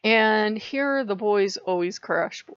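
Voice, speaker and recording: A woman casually telling a story to camera, animated and laughing, acting out the voices she quotes. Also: medium pitch, slow, smooth, no room sound. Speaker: spiritual vlogger. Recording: slightly dull dry lo-fi recording.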